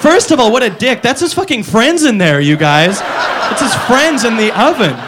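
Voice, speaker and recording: A high-voiced man doing a stand-up set, his pitch leaping all over as he acts out bits. The recording carries a clear layer of background noise from the live room. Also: moderate pace. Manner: animated, swings into high squeaky voices for characters. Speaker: stand-up comedian. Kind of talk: stand-up routine.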